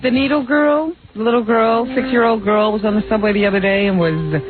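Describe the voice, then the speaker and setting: A woman's voice: medium pitch, fairly even intonation, a little fast. A female radio co-host teases and laughs through talk-show banter and reads the news. Her voice comes through a narrow broadcast sound with faint music behind it. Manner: laughing, teasing.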